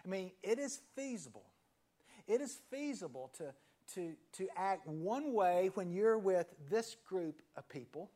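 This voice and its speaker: A man in his fifties preaching a sermon as a pastor, telling a story in a conversational way and letting key phrases sink to a hushed near-whisper after pauses. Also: high voice, expressive. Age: 50s.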